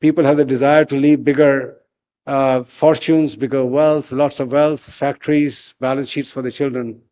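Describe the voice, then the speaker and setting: An older man with an Indian English accent, a business leader giving a formal conference speech in measured, emphatic short phrases from a podium. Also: mid-range voice, flat delivery, warm tone, highs cut off. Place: large conference hall.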